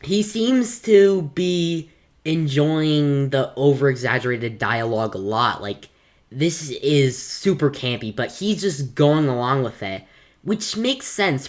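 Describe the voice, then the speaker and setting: Very deep-voiced woman making casual remarks. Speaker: YouTuber reacting to a video. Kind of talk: casual reaction commentary.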